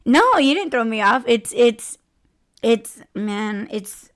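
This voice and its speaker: A woman around forty chats on a podcast in a slightly high, unhurried voice. She rambles, laughs through her own stories, and circles back mid-sentence. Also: sing-song. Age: about 40. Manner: rambling, laughs often, trails off and restarts. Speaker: podcast co-host. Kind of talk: casual chat.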